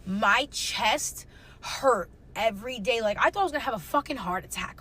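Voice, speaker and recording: A woman's voice: on the high side, expressive, normal speed, bright, forceful tone, husky, poor audio. A young woman telling a painful personal story to camera, emotional and close to tears, swearing and repeating herself.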